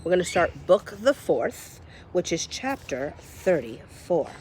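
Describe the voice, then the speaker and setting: A woman reading a children's novel aloud in a lively storytelling manner, speaking to the listener. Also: lowish voice, slow pace, slight background noise. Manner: lively storytelling, addresses the reader. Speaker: reader.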